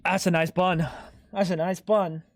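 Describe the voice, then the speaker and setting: A man's voice: high-pitched, steady tone, measured pace, no room sound, clean studio sound. A man chatting casually on a live stream, rambling and sweary, with lots of "like". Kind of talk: casual chat while gaming.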